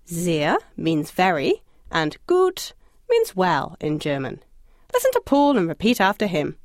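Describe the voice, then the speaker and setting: A woman narrating a scripted audio language lesson, encouraging and lightly humorous, asking the listener to answer out loud. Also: fairly low pitch, very animated, measured pace, no echo, studio quality. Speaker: language course instructor.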